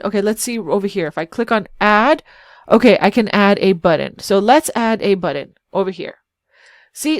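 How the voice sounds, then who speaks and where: A fairly high-pitched woman, recorded dry with clean studio sound, hosts her channel's casual screen-share tour of website builders. As a web designer, she clicks around while musing aloud, chatty and quick to poke fun at herself.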